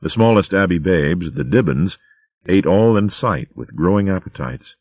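A man with a very low voice reads a storybook aloud, steady and vivid. The recording is dry and close, with a slightly dulled, lo-fi top. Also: normal speed, dry recording. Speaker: narrator. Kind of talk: storybook narration.

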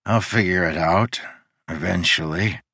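A man voicing a drunk, gruff, boastful man in an audiobook, loud and blustering with a slurring delivery. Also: low voice, a little slow, no echo, clean studio sound, exaggerated voice. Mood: drunken. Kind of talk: audiobook character reading.

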